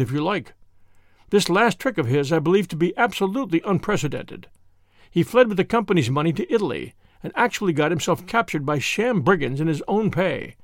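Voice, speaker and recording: A man's voice: sits high, no room sound, clean studio sound. A man reading as a blunt, voluble police officer. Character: Italian police officer, brusque yet admiring.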